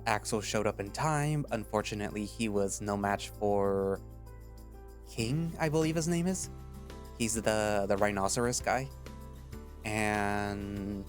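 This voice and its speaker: A man with a low voice reads a story aloud, narrating in the first person. Between chapters he gives loose, rambling recaps full of fillers. Faint music runs underneath. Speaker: story reader. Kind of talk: reading a fan story aloud.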